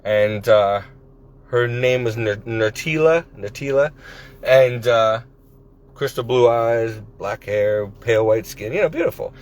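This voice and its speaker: A vlogger in his forties records a casual personal vlog on his phone at his workplace. His mid-range voice moves at a measured pace, and he rambles hesitantly with many restarts.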